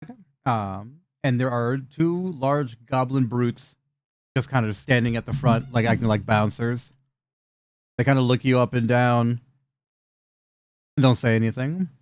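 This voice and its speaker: A man's voice: medium pitch, no room sound, studio quality. A man narrating as dungeon master, describing scenes in a loose, chatty way over a video call. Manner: loose, chatty narration with quick voiced asides.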